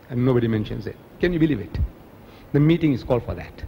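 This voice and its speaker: A man's voice: mid-range voice, lively intonation, fast, vocal fry, warm tone. A man preaching an impassioned religious lecture, often mimicking other people in a raised voice. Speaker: Islamic preacher. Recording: reverberant hall, faint ambience.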